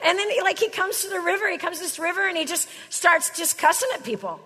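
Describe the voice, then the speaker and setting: Bright-voiced woman preaching casually in a hall. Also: very high voice, fast. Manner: slangy, chatty storytelling. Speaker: Christian speaker. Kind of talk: casual sermon.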